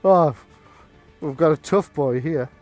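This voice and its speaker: A man's voice: fairly high pitch, unhurried, a little mellow, soft background music, lightly acted. A man doing a cocky young gang thug. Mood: mocking. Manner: mocking, dismissive.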